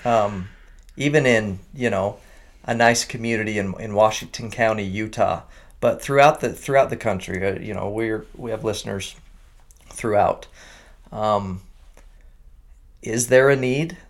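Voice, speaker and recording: A man hosts a radio interview with a low voice. He asks questions in a conversational, supportive way, using plenty of fillers. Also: measured pace, pauses often. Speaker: radio show host.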